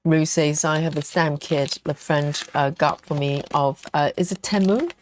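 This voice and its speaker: A woman's voice: deep voice, a little slow, a little hiss or hum. Chatty woman reading comments on a live stream. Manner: chatty, reads comments aloud and answers them.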